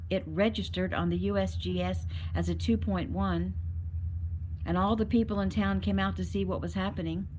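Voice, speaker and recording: Woman reading a matter-of-fact man, plain and steady. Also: medium pitch, normal speed, slight background noise, close to an everyday voice, rough recording. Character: man reporting what he saw outside.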